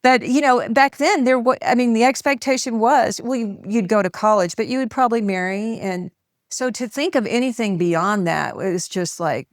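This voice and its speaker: A woman's voice: a little high, normal speed, no echo, studio quality. Older woman author, candid and laughing. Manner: candid, laughs often, self-deprecating. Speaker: author guest. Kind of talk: casual interview chat.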